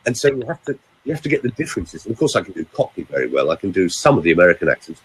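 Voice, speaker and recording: A man's voice: deep voice, sing-song, very fast, breathy edge, rough recording. An older man, a vocal coach and voiceover actor from the United Kingdom, chatting casually and theatrically through anecdotes. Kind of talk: casual chat.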